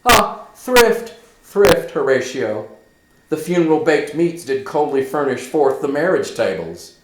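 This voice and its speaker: A man's voice: medium pitch, big pitch swings, moderate pace, very noisy, voice pushed up, lightly acted. A man voicing a bitter, sarcastic young prince in a raised, emphatic reading. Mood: bitter sarcasm. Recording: echoey room.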